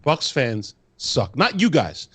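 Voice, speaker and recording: A man's voice: medium pitch, wildly swooping pitch, slow, a bit bright, husky, dry recording. A man co-hosting a casual sports podcast, ranting in a heated, profane way. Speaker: podcast co-host.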